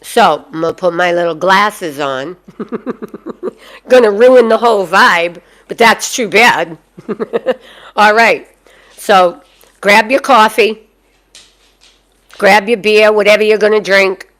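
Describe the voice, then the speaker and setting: A woman's voice: mid-range voice, slow pace, fairly bright tone. A woman with a Boston accent hosting a live stream as a dog breeder, chatty and folksy, repeating phrases for emphasis as she talks to her viewers.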